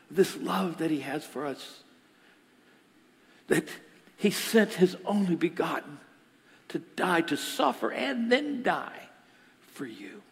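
Pastor, male, lively sermon delivery with hushed asides; reverberant room. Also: sits high. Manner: animated, shifts between loud and whispered. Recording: echoey hall.

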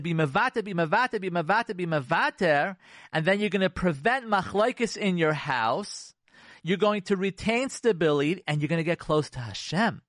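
A man hosting a radio show, giving an informal religious talk. He acts out quoted spouses and prayers in changing voices and sometimes drops to a hushed tone. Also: a little high, dry recording, studio quality.

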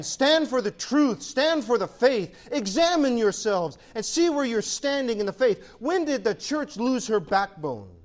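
A male pastor preaching a sermon, exhorting with emphatic rhetorical questions. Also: sits high.

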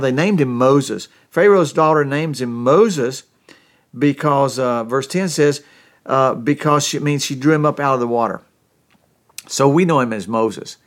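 A man's voice: fairly high pitch, a bit bright. A middle-aged man preaching a sermon, telling stories in a folksy way with frequent restarts. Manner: folksy storytelling with many restarts. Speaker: pastor.

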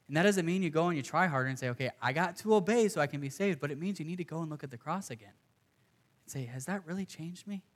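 Young male pastor, slightly high voice, earnest and chatty from the pulpit. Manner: earnest, conversational preaching with asides. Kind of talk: sermon.

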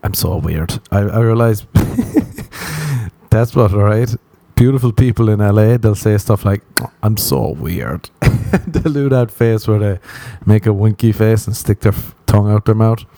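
A man with a lowish, warm, relaxed voice tells loose, profane comic stories with asides and frequent laughter. The sound is close and dry, with no room around it. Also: a little slow, dry recording. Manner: profane, self-mocking, laughs often. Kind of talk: rambling comedic monologue.

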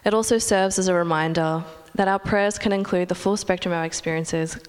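A young woman delivers a sermon in an earnest, measured tone, pausing to let her points settle. Her voice sits fairly low for a woman and carries a long reverb, as if spoken in a large hall. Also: fairly even intonation, smooth. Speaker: preacher.

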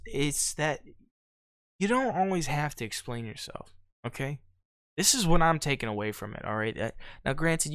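Male podcast host, slightly high and bright, loose and slangy, keeps asking "okay?". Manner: animated, keeps checking in with "okay?"; slangy, calls listener "dude" and "bro". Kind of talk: casual commentary on a song.

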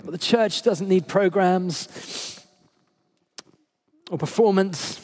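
Guy preaching at church, higher voice, chatty and emotional, laughs a lot while telling stories. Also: slow pace, darkish tone. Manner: conversational, emotional storytelling with frequent laughs. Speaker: priest. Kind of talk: sermon. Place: church service.

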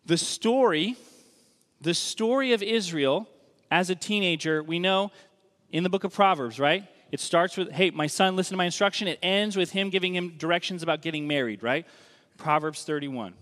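A man preaching a sermon in a conversational, emphatic way, slowing down to stress key lines. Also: high voice, fairly bright tone. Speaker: pastor. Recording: long reverb of a large hall.

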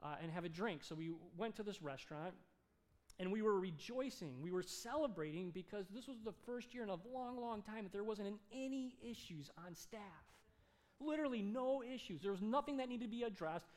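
A male pastor preaching a sermon, telling a story with animated delivery and acted-out dialogue. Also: sits high, brisk. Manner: animated, acts out dialogue in his stories.

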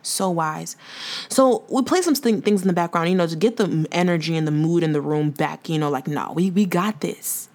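A woman's voice: lowish voice, a little fast, darkish tone. A young woman hosting a faith podcast, talking in an emotional, emphatic way, sprinkling slang into preachy encouragement. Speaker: podcast host. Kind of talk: faith-based podcast monologue.

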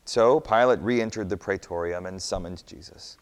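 A man narrating a scripture story in a measured, expressive reading. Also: low voice, clear, resonant tone. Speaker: scripture reader. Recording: long hall reverb.

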